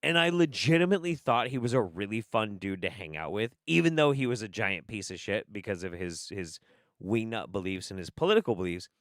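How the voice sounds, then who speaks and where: A man's voice: fairly low pitch, animated, a little fast, no room sound, clean studio sound. A man hosting a casual commentary stream, swearing and laughing, with an exasperated delivery. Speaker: streamer host.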